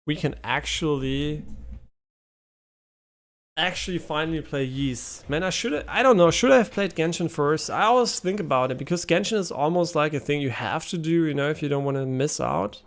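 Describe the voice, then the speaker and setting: With a somewhat high voice at a normal speed, a young streamer talks to his chat during a live game, loose and excitable, cursing freely as he comments on the play.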